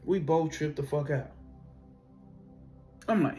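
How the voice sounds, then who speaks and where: A man telling a personal spiritual story in an animated, profane, casual way, acting out his own reactions. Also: on the high side, slow, faint music behind.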